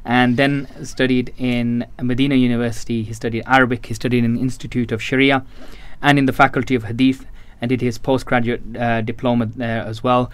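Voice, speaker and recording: A man's voice: mid-range voice, flat delivery, brisk, few pauses, clean tone, no room sound. A man hosting a podcast, introducing his guest with many hesitations and restarts. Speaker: podcast host. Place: Birmingham.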